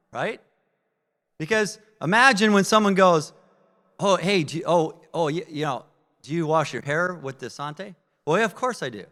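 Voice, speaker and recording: A man giving a live sales training talk, energetic and asking the audience questions. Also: high-pitched, big-room sound. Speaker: network marketing trainer. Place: training event room with audience.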